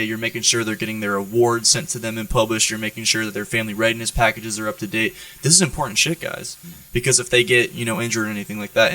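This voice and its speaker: An American man, a Marine, telling profane, animated stories as a podcast guest and often checking in with "right?". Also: mid-range voice, creaky, no room sound, far from the mic, poor audio. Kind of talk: storytelling in an interview.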